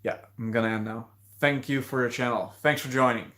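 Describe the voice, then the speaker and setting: A man's voice: medium pitch, fairly even intonation, a little fast, a bit bright. A man hosting a casual livestream, talking hesitantly with many fillers and restarts. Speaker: livestream host.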